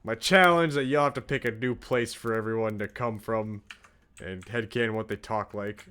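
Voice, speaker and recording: A man's voice: on the low side, moderate pace, fairly bright tone, smooth. An American man streaming a farming game, chatting in a rambling, jokey and crude way to his viewers. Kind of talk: casual gaming commentary.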